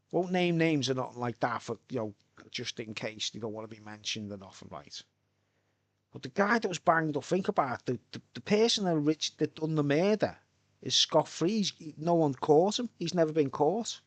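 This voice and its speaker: A man's voice: mid-range voice, fairly bright tone, no echo. A man chatting casually on a live stream, rambling and chuckling between thoughts.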